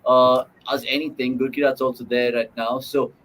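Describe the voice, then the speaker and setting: A man hosting a live cricket watchalong, reacting quickly to play and steering the talk between guests, with faint noise behind him. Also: medium pitch, little pitch movement, a bit bright, low-quality recording. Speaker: host. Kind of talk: live match watchalong chat.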